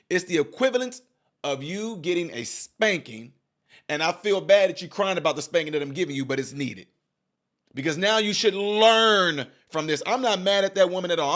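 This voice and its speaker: A man's voice: a little high, a bit bright. A man giving heated reaction commentary, preaching straight at his viewers and hammering home repeated rhetorical questions. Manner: addresses viewers directly as y'all. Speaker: political commentator.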